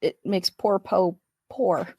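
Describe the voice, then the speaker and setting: A woman co-hosting a casual podcast, reacting with giggles and expressive exclamations. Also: fairly low pitch, slow, husky, dry recording, muffled recording. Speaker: podcast co-host.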